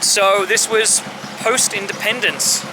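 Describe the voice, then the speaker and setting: Outdoors at a street-side car yard, a travel vlogger with a fairly high voice keeps up easygoing, upbeat chatter, speaking slowly and plainly when addressing locals. Recorded on a handheld camera mic, he's backed by loud, steady street noise and vehicles going by.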